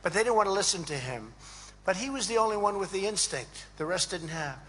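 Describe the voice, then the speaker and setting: A man's voice: sits high, expressive, fairly quick, background noise. A man giving a rambling, emphatic rally speech to a crowd, repeating phrases and acting out quoted dialogue. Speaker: speaker at a political event. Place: large event hall.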